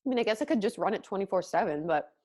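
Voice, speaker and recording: This mukbang co-host, a woman in her twenties, talks very fast and expressively while she eats, peppering everything with "like" and chewing mid-sentence. Her voice is medium-pitched with a darkish tone.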